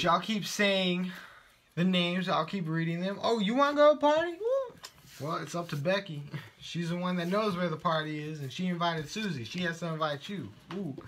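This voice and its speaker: A man's voice: on the high side, a bit bright, slight background noise. A man with a Texan accent, guest-presenting a live craft show in a playful, silly way, joking as he reads viewer comments.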